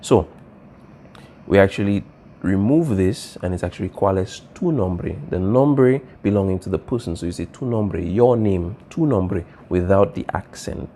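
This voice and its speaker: Guy teacher w a warm mellow voice, patient, keeps asking "all right?". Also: low voice, normal speed, a little hiss or hum. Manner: patient, repeats key points, asks "all right?" often. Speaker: Spanish teacher. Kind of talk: classroom explanation.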